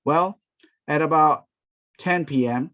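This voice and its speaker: A man, teaching a ministry training session through lively stories and acted-out quotes. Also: on the high side, slow. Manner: animated, acts out quoted speech. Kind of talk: storytelling teaching talk. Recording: dull, muffled recording.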